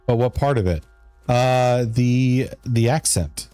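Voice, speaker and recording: A man's voice: medium pitch, slow, warm tone, smooth, no room sound, faint music behind. A man streaming a video game live, chatting casually and joking in a rambling way as he answers his chat.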